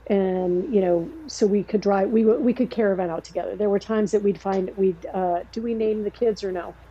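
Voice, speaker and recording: Woman, middle-aged, rambling, quotes people mid-story, warm tone. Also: medium pitch, fairly even intonation, breathy edge, lo-fi sound. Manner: rambling, halting, acts out quoted dialogue. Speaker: podcast guest, sister. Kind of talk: casual conversational storytelling.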